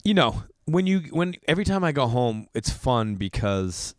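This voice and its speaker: An animated Boston man spins a loose, profane story for his podcast, his voice smooth and resonant. The sound is close and dry, with no room in it. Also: medium pitch, moderate pace, no echo. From Massachusetts. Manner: animated, profane, lots of "like" fillers. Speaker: podcast host. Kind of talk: casual storytelling monologue.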